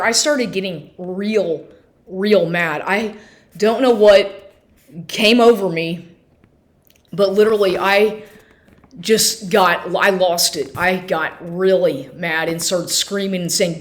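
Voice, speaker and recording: A woman recording herself on a phone at home, telling an emotional personal story in an agitated, halting way with many restarts and swearing. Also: on the low side. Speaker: vlogger. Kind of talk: emotional personal account to camera. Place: at home, inside and on the porch.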